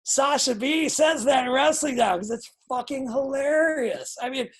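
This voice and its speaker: Over a video call, a woman teaches a live online class for pro wrestling students. She is blunt, excitable, and swears freely, speaking in a high-pitched voice at a moderate pace.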